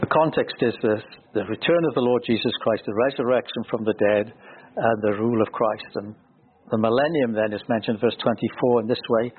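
A male preacher works through scripture verse by verse, leaning hard on the words he wants heard. His voice is slightly husky. It comes over a thin, phone-like radio broadcast. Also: mid-range voice, fairly quick. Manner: earnest, rising emphasis on key words. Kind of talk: expository Bible teaching.

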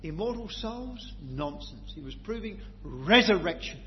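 A high-pitched man delivering a sermon, one moment soft and reflective, the next loud and emphatic. The recording is dull and lo-fi with a faint hum, and the voice carries a long hall reverb. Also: animated, normal speed. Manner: impassioned, swings between quiet reflection and loud emphatic declaration. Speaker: preacher.

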